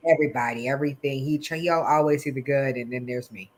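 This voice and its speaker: A woman's voice: rumbling low, quick pace, a crowd in the background. A woman guest on a video call, praising her partner on a podcast.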